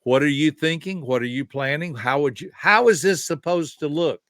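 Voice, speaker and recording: Speaking a little high with a fairly bright tone and moderate pace, a behavior specialist in his seventies explains ideas emphatically, like a teacher, tossing out rhetorical questions. The studio-quality audio has no echo.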